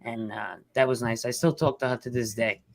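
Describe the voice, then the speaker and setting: A middle-aged man, a rescue worker telling his story in an interview, blunt and halting, fighting back tears. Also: medium pitch, steady tone, vocal fry, no room sound. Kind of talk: emotional storytelling.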